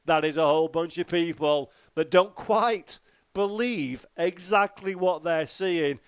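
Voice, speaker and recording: A man giving live motor racing commentary from a commentary box at the circuit, building excitement toward the finish. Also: a little high, a little slow, clear, resonant tone, no echo. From Britain. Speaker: race commentator.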